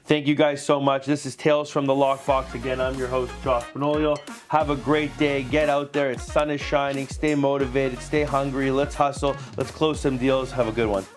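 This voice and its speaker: A man's voice: medium pitch, little pitch movement, normal speed, few pauses, faint music behind. Upbeat podcast host, man. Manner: upbeat, filler-heavy, laughs along. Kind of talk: casual interview.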